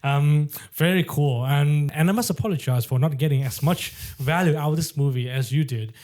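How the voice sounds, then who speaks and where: A man hosting a casual film podcast, asking questions and giving measured, hesitant opinions with frequent "uh" and "um". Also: a little high, darkish tone. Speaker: podcast host.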